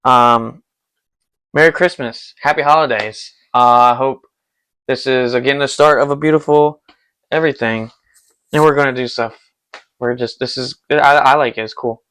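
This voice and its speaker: A man's voice: medium pitch, steady tone, normal speed, a bit bright, smooth, no room sound. A young man hosting his painting vlog, chatting loosely and swearing while he paints. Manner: rambling, loose and profane. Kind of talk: casual chat while painting.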